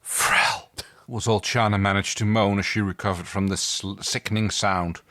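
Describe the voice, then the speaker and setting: A man's voice: on the low side, fairly even intonation, normal speed, fairly bright tone, no room sound. A man co-hosting a podcast, reading a story aloud in an easygoing way with dry asides. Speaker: podcast co-host and reader.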